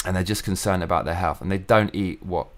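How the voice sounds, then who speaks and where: A young Englishman hosts his own show with a low-pitched, brisk voice. Alone on the mic, he rants casually, profanely and with strong opinions.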